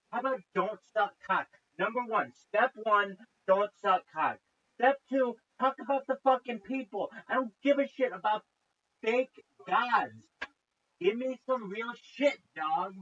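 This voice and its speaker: A man hosts a reaction video, ranting with nonstop swearing and exasperation. His voice is high and husky. The recording sounds dull and lo-fi. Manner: profane, exasperated, loud rants. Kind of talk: casual ranting commentary.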